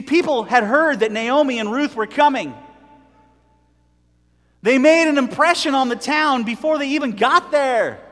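Animated male preacher, high and lively, joking through a sermon; long church reverb. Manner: animated, jokey, dramatic swings in volume.

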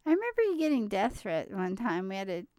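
A woman co-hosting a podcast in casual chat, playful and quick to laugh. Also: mid-range voice, sing-song, warm tone, no echo. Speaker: podcast co-host.

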